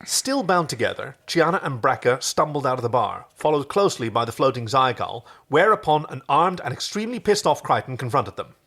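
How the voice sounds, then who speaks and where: Animated male podcast co-host reading aloud. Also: medium pitch, a little fast, hardly any pauses. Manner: lively, jokey, voices the characters. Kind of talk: casual reading of a story aloud.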